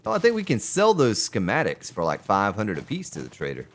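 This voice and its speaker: Male game streamer, casual chatty play-by-play, lively pitch. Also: fairly quick. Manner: chatty, talks to chat viewers as he plays; animated, pitch jumps on exclamations. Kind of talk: live gameplay commentary.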